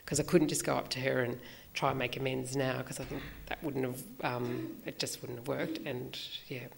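A woman sharing her personal story at a recovery meeting, reflective and halting, with many fillers. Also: very deep voice, steady tone, creaky, a crowd in the background.

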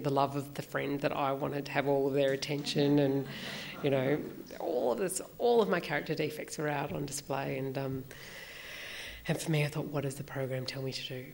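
A woman sharing her personal story at a recovery meeting, reflective and halting, with many fillers. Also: sits low.

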